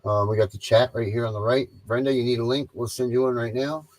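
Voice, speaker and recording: A man's voice: medium pitch, fairly even intonation, fast, darkish tone, no echo, rough recording. A man hosting a casual livestream chat, loose and rambling, with frequent ums. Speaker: livestream host.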